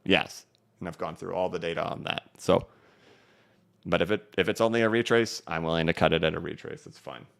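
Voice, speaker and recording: Deep gravelly guy hosting a crypto livestream, chatty and loose, reading chat comments. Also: a little fast, a bit bright. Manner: loose and chatty, many fillers.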